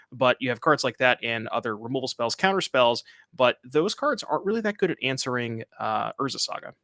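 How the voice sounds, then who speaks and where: A man's voice: medium pitch, a bit bright, no echo. An American man co-commentating a card game tournament, walking through plays and deck options with laid-back analysis.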